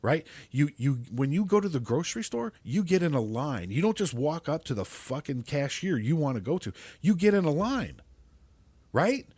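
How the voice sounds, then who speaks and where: A man's voice: a little high, sing-song, fairly quick, hardly any pauses, a little mellow, breathy edge, dry recording. A middle-aged man hosting a podcast, ranting angrily and swearing constantly, sometimes tripping over his words. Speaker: podcast host. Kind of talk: profane ranting monologue.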